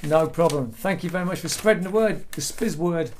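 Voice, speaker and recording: A man's voice: fairly high pitch, fairly quick, background noise. A middle-aged man, chatting cheerfully and jokily to viewers in a casual vlog, recorded on a camera microphone. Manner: chatty, cheerful, jokey, addresses viewers as mates. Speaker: vlogger.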